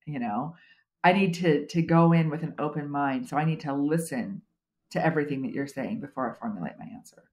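A middle-aged HR consultant from the United States, appearing as a podcast guest, chats in a conversational interview with wry, self-deprecating humor and plenty of fillers. Her voice sits low, a little mellow, and moves fairly quickly.

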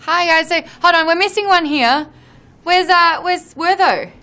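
A woman's voice: very high-pitched, unhurried, sharp tone, soft background music. A woman hosting an entertainment interview, asking questions in an upbeat, teasing way. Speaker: host interviewer.

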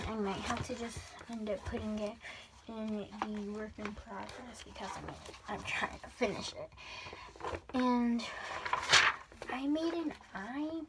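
A woman vlogger chatting casually as she shows her things, rambling with self-corrections and often slipping into a whisper. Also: on the high side. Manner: drifts in and out of whispering. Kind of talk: casual closet tour chat. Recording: home recording with steady background noise.

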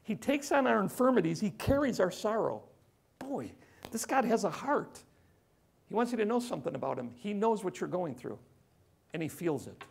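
A man preaching a sermon as pastor, conversational, swinging from loud emphasis to hushed tones. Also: high voice, very animated, normal speed, gravelly, slightly rough.

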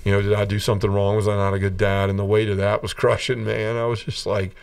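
A man's voice: fairly low pitch, monotone, fast talker, gravelly, clean tone, recorded from a distance. Earnest man telling his life story. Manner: earnest storytelling, acts out quoted voices, laughs between lines. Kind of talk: personal testimony in a podcast interview.

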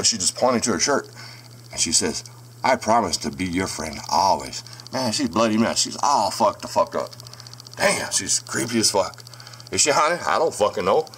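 A man talks to a camera set up in a room of his home, swearing constantly and answering his critics head-on. His voice sits at an ordinary middle pitch, and his delivery is loose, combative and informal. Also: a bit bright, slight background noise. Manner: profane, combative, addresses commenters directly. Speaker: channel host showing haunted dolls. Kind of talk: casual vlog monologue. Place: home room with dolls and crib. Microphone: camera on a stand.

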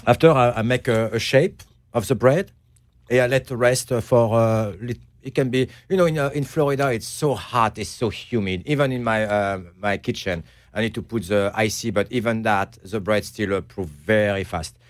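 French guy, kinda low voice, stop-start english, dry close sound. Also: no echo. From France. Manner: halting, searching for English words. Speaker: bakery owner guest. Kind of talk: casual interview chat.

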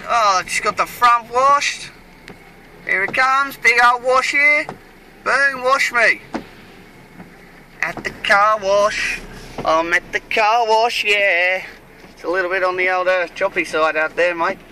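A man's voice: high-pitched, takes it slowly, pauses often, pushed and bright, a little hiss or hum, full character voice, rough recording. A man playing a brash, slangy tradesman who rambles and grumbles at other drivers from inside his moving van. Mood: chatty. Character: brash, mouthy Aussie tradie bloke, grumbling. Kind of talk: comic character monologue while driving.

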